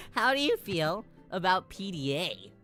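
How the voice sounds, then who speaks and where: A woman with a lively, swooping voice and a bright, sharp tone giggles through playful questions as a stream host. Faint music plays behind her. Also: lowish voice. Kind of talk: casual chat.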